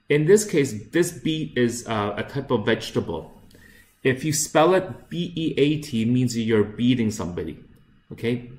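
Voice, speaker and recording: A man teaching English pronunciation, repeating each word slowly and carefully, with frequent fillers. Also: medium pitch, animated, a little mellow. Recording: echoey room.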